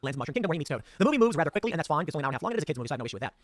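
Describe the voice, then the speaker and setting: A male commentator who rattles off his points at great speed, his voice swinging high and low. He reads a movie review aloud and picks it apart with sarcastic asides. The recording is dry and close. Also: dry recording. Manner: rapid, lively delivery with sarcastic asides. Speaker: political commentator.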